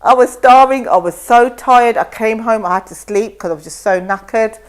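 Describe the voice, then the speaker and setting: A middle-aged woman, a guest on a talk show, telling her story in a lively way and acting out what others said. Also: a little high, normal speed. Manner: animated storytelling, acts out quotes. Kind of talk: casual chat.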